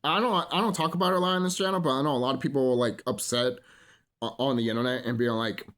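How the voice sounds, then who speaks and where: A man's voice: mid-range voice, steady tone, quick pace, a bit bright. A man hosting his own channel, talking in a rambling, emphatic monologue full of swearing and repeated "you know?" asides. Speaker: channel host. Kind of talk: casual unscripted monologue.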